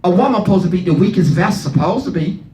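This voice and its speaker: A man's voice: high voice, expressive, fast talker, warm tone, echoey room. A man preaching at a Bible study, leading readers and firing questions at the room. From not from Philadelphia. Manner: fervent, asks the room questions, repeats words.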